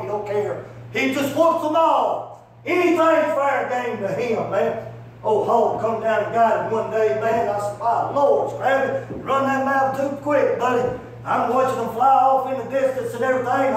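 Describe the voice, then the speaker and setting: A male evangelist preaching through folksy stories, rambling and peppering his talk with "man" and "buddy". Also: extremely high pitch. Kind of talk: sermon with storytelling. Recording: echoey hall from far off, faint hum.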